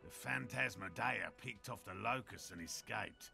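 An actor voicing an earnest middle-aged male cryptozoologist, gravelly, with a formal, eager, sometimes defensive manner. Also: on the low side, unhurried, pushed and bright, faint music behind, heavily acted. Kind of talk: video game voice acting.

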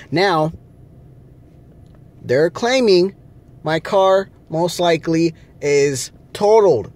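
A man sits in a rental car and vents to his viewers, cursing heavily as his anger builds. He talks slowly and drags his words, in a voice pitched a little high for a man. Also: a little mellow. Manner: angry, profane ranting. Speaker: vlogger. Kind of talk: casual vlog rant.

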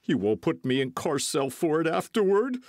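A man voicing a fat, frightened male innkeeper who wails in a high, panicky voice. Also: lively intonation, moderate pace, dry recording, clean studio sound.

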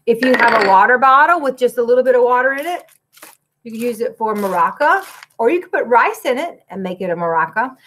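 A woman's voice: fairly high pitch, expressive, fairly quick, background noise. A woman music teacher, recording a lesson for young children from her classroom, clapping and chanting rhythms and breaking into short sung lines.

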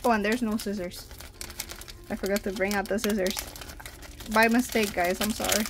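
A woman's voice: medium pitch, fairly even intonation, normal speed, background noise. A woman hosting a toy unboxing video, chatty and giggly, exclaiming over tiny toys. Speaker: toy review host. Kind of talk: casual unboxing chat.

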